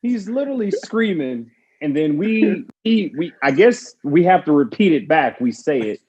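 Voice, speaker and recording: A former pro football player telling a story in casual chat, animated and laughing as he acts out the people in it. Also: on the high side, moderate pace, husky, lo-fi sound. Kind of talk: casual storytelling on a panel show.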